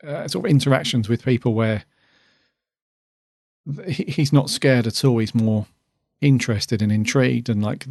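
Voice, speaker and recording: Male podcast co-host, casual and rambling, creaky mid-pitched voice, dry sound. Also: darkish tone, no echo. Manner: chatty, rambling with many ums. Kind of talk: casual review chat.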